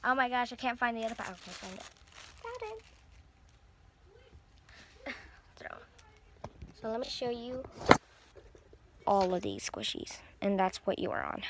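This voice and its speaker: A young woman chatting casually as she unboxes squishy toys, gushing and breathy as she talks. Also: a little high, sing-song, unhurried, long pauses, slight background noise. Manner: gushing, breathy squeals over cute toys. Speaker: vlogger.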